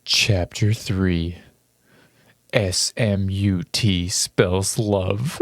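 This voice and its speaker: Slow, flustered man reading fanfiction aloud. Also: deep voice, dry recording. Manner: amused, flustered asides. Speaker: reader.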